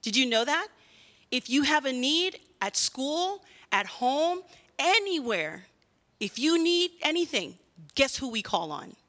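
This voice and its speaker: A woman giving a children's sermon in a lively way, often asking the kids questions. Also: high voice, unhurried, in a large hall. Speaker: children's church teacher.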